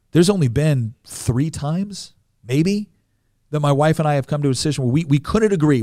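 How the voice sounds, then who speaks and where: A man's voice: fairly high pitch, darkish tone, no echo, clean studio sound. A man in his forties, a podcast guest, telling a personal story in an earnest way, often repeating words as he goes.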